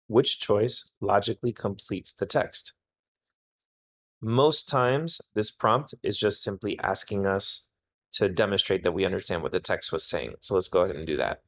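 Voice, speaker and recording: A man tutoring for the SAT walks through test questions one step at a time, explaining his reasoning as he goes in a test prep session. His voice is low and a bit bright.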